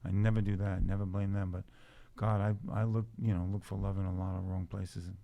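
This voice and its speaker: A man's voice: low voice, flat delivery, a little fast, creaky, dark tone. Man telling stories, laughing through them. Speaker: guest. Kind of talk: casual storytelling chat.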